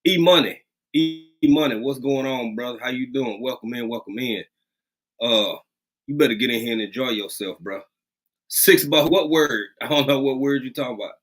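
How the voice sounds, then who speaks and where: A man hosting a casual livestream from a rural home, greeting viewers by name and talking in a lively, drawling way, repeating phrases. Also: medium pitch, moderate pace. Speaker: livestream host.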